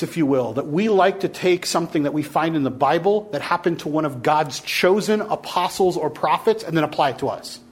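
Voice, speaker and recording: A man teaches a Bible class in a lively, animated way, dropping his voice and then lifting it again. He keeps prodding his students to argue with him. His voice sits a bit high for a man. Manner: animated, challenging students to push back. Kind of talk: interactive classroom lecture.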